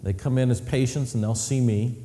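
A man's voice: mid-range voice, a little fast, slight background noise. Emphatic male preacher in a reverberant hall. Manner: storytelling, swings from hushed to rising and emphatic. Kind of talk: sermon.

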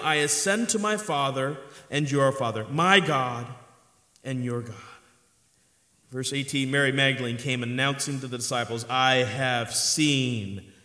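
A man in his thirties preaching a sermon, moving between hushed reflection and emphatic points, recorded in a large hall. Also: medium pitch, moderate pace. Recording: echoey hall with long reverb.

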